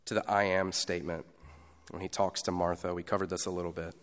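A pastor giving a sermon in a conversational style, moving between loud emphasis and quiet asides. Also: male voice, sits low, little pitch movement, fast, long reverb tail.

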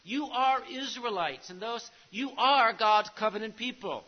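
Male preacher, higher than usual pitch, emphatic sermon delivery, muffled lo-fi recording. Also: measured pace. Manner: emphatic preaching, repeats key phrases, drops to a hush on grave lines.

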